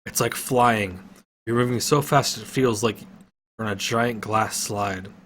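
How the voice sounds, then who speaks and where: A man reading an adventure story aloud, steady with occasional slips and self-corrections. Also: lowish voice, takes it slowly, slight background noise.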